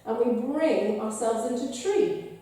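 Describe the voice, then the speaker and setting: Calm high-voiced woman leading yoga. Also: measured pace. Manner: calm, encouraging cueing of breath and poses. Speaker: yoga instructor. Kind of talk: guided yoga class instruction. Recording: echoey hall, voice from far off.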